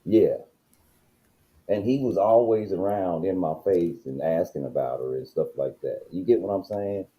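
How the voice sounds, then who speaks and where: A very deep man with a dark, mellow voice speaks plainly and directly about his own experiences. His voice carries a clear room echo. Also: moderate pace. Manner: direct, uses himself as the example. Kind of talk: casual personal storytelling. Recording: echoey room.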